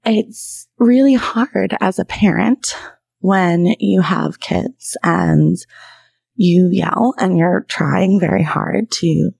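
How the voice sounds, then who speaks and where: A woman's voice: on the low side, vocal fry, darkish tone, slightly rough. A woman in her thirties hosting a podcast as a trauma therapist, talking candidly and chattily with frequent laughs. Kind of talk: casual solo podcast talk.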